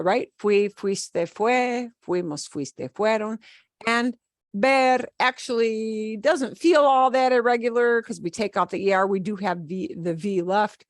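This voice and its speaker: Slow, patient woman teaching a class. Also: mid-range voice, dry recording, clean studio sound. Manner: explains patiently, casual and repetitive, spells words letter by letter. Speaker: Spanish teacher. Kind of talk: online class lecture.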